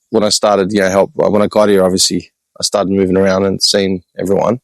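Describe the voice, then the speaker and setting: Man, Australian accent, low-pitched voice, dry close mic, animated exasperated storytelling, casual outdoor vlog. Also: fairly quick, dry recording, rough recording. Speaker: podcast host. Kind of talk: casual walk-and-talk vlog monologue. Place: outdoor hillside cemetery with birds.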